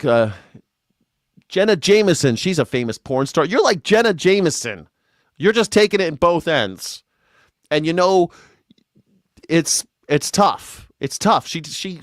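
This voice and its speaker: A man's voice: on the high side, no room sound, clean studio sound. A man hosting casual political commentary, ranting profanely and sarcastically. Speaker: host.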